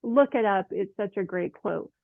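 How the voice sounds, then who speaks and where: An oil painting teacher, a woman, talks casually to camera with motivation and encouragement, chatting with lots of fillers and little laughs. Her medium-pitched voice is expressive and creaky at a normal speed. The recording has no echo and sounds like a phone.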